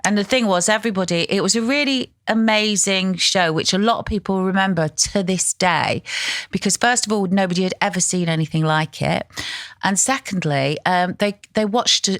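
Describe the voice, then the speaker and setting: A woman's voice: medium pitch, moderate pace, fairly bright tone, dry recording, clean studio sound. A well-spoken English woman in her fifties from Essex, a television presenter telling stories as a podcast guest and laughing often. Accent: well-spoken southern English. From Essex, England. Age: 50s. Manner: chatty storyteller, laughs often. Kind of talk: casual interview chat.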